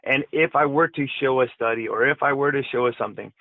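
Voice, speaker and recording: A man's voice: medium pitch, quick pace, gravelly, dry recording. Guy calling in, rambling and unsure, tinny dry phone line. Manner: hesitant, rambling, many fillers. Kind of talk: casual debate.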